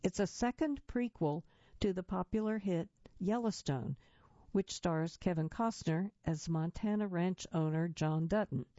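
Woman reading articles out loud, lowish warm voice, steady and measured, kinda muffled dry recording. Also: no echo. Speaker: reader of magazine articles.

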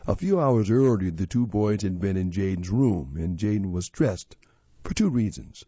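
A man narrating a children's story in a steady, expressive reading voice. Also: low voice, normal speed, breathy edge, no room sound. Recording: slightly dull lo-fi audio.

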